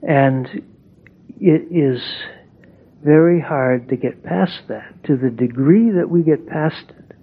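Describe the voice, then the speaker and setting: A man giving a reflective spiritual talk, pausing thoughtfully as he reads and comments on passages. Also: a little high, breathy edge. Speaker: satsang speaker. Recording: tinny phone-like sound.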